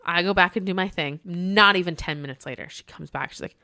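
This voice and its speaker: A woman's voice: on the low side, quick pace, hardly any pauses, dry recording, clean studio sound. A woman co-hosting a podcast, telling a hotel front-desk story and acting out the dialogue. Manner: animated, acts out dialogue in her stories. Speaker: podcast co-host, hotel manager. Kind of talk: casual storytelling chat.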